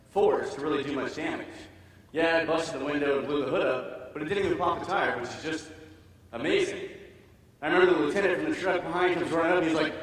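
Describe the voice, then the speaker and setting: A man with a slightly high voice tells his own war story on stage, animated and acting out what others said. He sounds distant from the mic, and the big hall rings with a long, echoey reverb. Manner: animated, acts out quoted dialogue. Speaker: military veteran telling his story.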